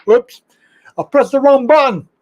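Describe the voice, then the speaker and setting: A man's voice: extremely high pitch, lively intonation, unhurried, highs cut off, noisy background. A man hosting a casual live stream show, chatty and rambling, greeting viewers and laughing at his own slips. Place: home studio, in Thailand.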